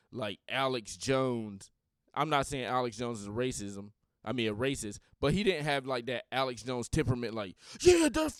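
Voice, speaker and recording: Podcast host, male, smooth dry voice, blunt and rambling in casual opinion talk. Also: mid-range voice, no room sound.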